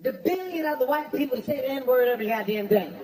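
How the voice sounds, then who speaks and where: A man doing a stand-up roast, brash and profane, shouting his punchlines. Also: very high-pitched, lively intonation, fast talker. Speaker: comedian at a roast. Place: stage before a live audience. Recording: roomy venue with crowd laughter.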